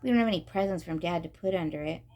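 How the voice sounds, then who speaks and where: A woman's voice: on the low side, racing, dark tone, natural voice. Teasing young brother, gloomy and sulky, voiced by a woman reader. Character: glum, teasing young boy.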